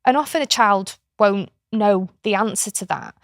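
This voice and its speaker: On a casual podcast, a middle-aged British woman who is an author and kinship carer lays out a parenting approach, frank and chatty, now and then breaking into playful voices. Her voice is mid-range at a moderate pace, captured with studio quality and no echo.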